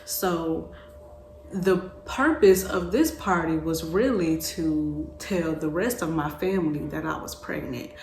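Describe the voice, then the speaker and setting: Slangy woman in her twenties, low voice. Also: takes it slowly, slight background noise. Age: 20s. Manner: animated, slangy, repeating phrases. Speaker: vlogger. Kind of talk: casual storytelling. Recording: echoey room with faint ambience.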